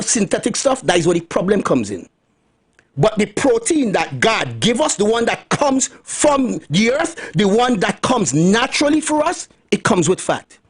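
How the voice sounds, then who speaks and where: A man's voice: sits high, breathy edge. A middle-aged man, hosting a radio talk show and preaching about health in an emphatic, folksy way, repeating lines for stress.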